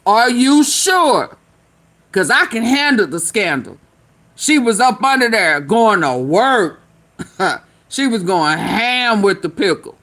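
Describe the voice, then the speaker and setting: Sassy woman host, slow drawl, bright tone, teasing commentary. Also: medium pitch, very animated. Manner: sassy, teasing, laughs often. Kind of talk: casual commentary.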